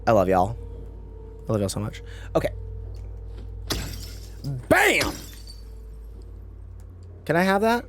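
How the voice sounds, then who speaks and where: A man's voice: fairly high pitch, huge pitch swings, slow pace, long pauses, fairly bright tone, faint music behind. A man streaming a game, chatting casually in a rambling way with campy slang and reading chat aloud. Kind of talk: casual live-stream chat while gaming.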